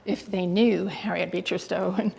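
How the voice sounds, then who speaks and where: A woman curator speaks in an interview with a gravelly, breathy voice. She talks eagerly but haltingly, restarting sentences and filling gaps with "um". Her voice carries a long reverb from the hall. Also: fairly low pitch, steady tone, darkish tone. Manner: enthusiastic, hesitant with many fillers and restarts. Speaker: guest curator. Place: exhibit hall.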